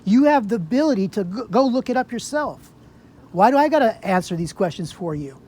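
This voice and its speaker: A man's voice: high voice, lively intonation, fairly quick, a little mellow. A man in a heated argument on a public sidewalk outdoors, confronting an officer with repeated rhetorical questions.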